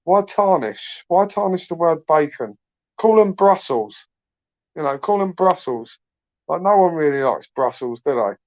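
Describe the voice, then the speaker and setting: A man's voice: fairly high pitch, lively intonation, normal speed, dry recording, muffled recording. A British man hosting a late-night live stream, rambling casually, swearing and tagging questions onto his sentences. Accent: British English. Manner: rambling, slangy, swears freely, asks tag questions. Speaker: YouTube channel host.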